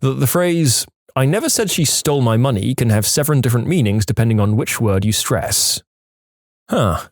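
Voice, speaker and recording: For a podcast, a man reads out listener posts with a voice that jumps high and low, slipping in dry, wry remarks between them. He speaks at a normal pace, recorded close and completely dry with no room sound.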